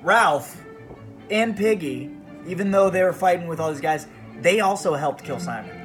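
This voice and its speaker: A man's voice: sits high, moderate pace, music in the background. A man hosting a podcast, giving a profane, rambling, comedic book report. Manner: profane, rambling, animated retelling. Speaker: podcast host.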